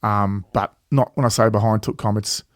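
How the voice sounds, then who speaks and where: A man's voice: lowish voice, fairly even intonation, normal speed, dry recording, studio quality. A man co-hosting a casual travel chat, rambling with many fillers and restarts and swearing freely. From Australia. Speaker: travel vlog co-host.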